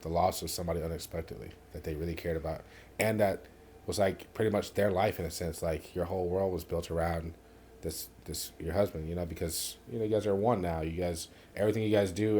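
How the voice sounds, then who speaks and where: A man hosts a podcast conversation, asking long, measured questions. His voice is very deep. A faint background hiss sits under it. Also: darkish tone. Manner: measured, rambling questions with fillers. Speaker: podcast host. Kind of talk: interview questions.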